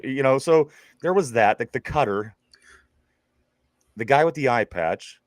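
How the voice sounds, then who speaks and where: A man's voice: medium pitch, lively intonation, brisk, long pauses. A man with a Pittsburgh accent co-hosting a casual sports podcast. His voice rises and falls a lot as he rambles, stammering and repeating words. The sound is dry and close, with no room echo. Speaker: podcast co-host.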